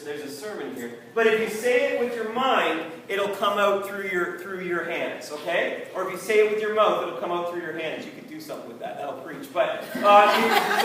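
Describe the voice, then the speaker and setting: A man's voice: sits high, a little hiss or hum. A man leading a group drumming session in a church hall, joking and chanting the rhythms for everyone to follow. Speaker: drum workshop leader. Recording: echoey hall, far from mic, loud drumming. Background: group drumming and tambourines.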